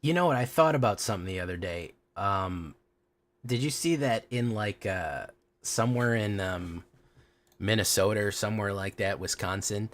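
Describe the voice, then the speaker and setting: A man's voice: fairly low pitch, animated, moderate pace. Rambling man streaming a card game. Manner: rambling, talkative, answering chat questions. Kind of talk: casual gameplay commentary, chatting with viewers.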